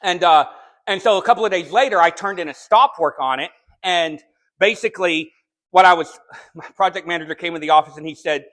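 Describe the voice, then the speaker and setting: A man preaching a sermon, telling a story in a conversational way and then building to sharp, shouted rebukes. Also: sits high, expressive, a little fast. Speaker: pastor. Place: church sanctuary.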